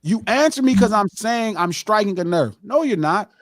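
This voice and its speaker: A man's voice: high-pitched, expressive, normal speed, no echo, clean studio sound. A middle-aged man hosting a live podcast, lecturing in a heated, profane, impassioned rant. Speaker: podcast host.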